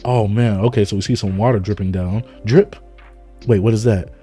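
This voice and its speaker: A man reading manga aloud and reacting live, in excitable, casual, slang-heavy commentary. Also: lowish voice, normal speed, faint music behind.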